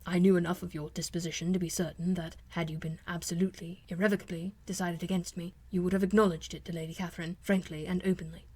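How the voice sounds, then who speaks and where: A woman voicing a proud, reserved young gentleman in an audiobook, speaking in a slow, grave and earnest manner. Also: on the low side, little pitch movement, slightly rough, pitched below the performer's own voice. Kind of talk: audiobook character reading.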